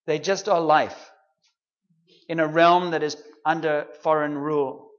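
A man's voice: fairly high pitch, steady tone, measured pace, dull audio. A man preaching a sermon in a conversational, humorous way, with playful asides to the congregation.

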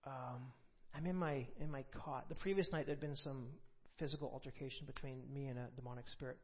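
A man preaching a sermon, telling a personal testimony in an animated way and building to forceful preaching, in a dull lo-fi recording. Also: medium pitch, brisk.

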